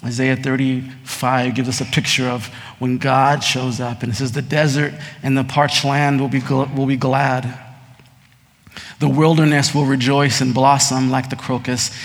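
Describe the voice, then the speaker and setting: Animated preacher in a reverberant hall. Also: male voice, mid-range voice, normal speed. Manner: lively, swings from hushed scripture reading to excited storytelling. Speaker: pastor. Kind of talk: sermon.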